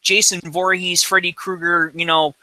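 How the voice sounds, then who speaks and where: A man's voice: sits high, little pitch movement, moderate pace, bright, forceful tone, no room sound, low-quality recording. A man in his forties in casual podcast chat, ranting bluntly with lots of swearing. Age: 40s. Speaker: podcast co-host.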